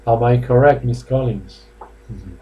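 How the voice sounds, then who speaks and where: A man's voice: medium pitch, unhurried, narrow, tinny audio, a little hiss or hum. A man from Spain teaching English live online in a Spanish accent, chatty and coaxing, with lots of fillers and laughs. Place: classroom or office indoors.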